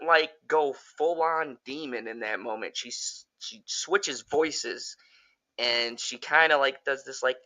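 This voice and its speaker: A man giving a casual, profane, rambling spoken review of a horror movie, getting excitable and jumping up in pitch when he quotes characters. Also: takes it slowly. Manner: jumps high when quoting characters.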